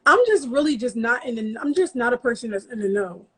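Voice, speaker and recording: A woman poet speaks as a guest in a casual interview, telling her story with lively self-mockery and often slipping into the voices of the people she quotes. Her voice sits high and has a breathy, husky grain. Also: fairly quick.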